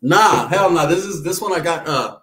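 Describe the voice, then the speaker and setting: A man's voice: on the high side, expressive, moderate pace, a bit bright, reverberant. A middle-aged man telling loose, profane neighborhood stories in a casual chat, laughing as he goes. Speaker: podcast co-host.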